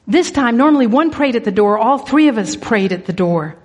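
Brief: high-voiced woman with a husky edge, earnest church testimony and prayer, stumbling restarts. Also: animated, a little fast, long reverb tail. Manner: earnest storytelling with frequent restarts. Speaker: church speaker.

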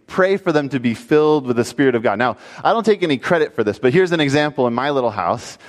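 A male pastor speaks fast in a large hall, his mid-range voice animated as he preaches. His sermon moves from a lively story into emphatic calls to the congregation.

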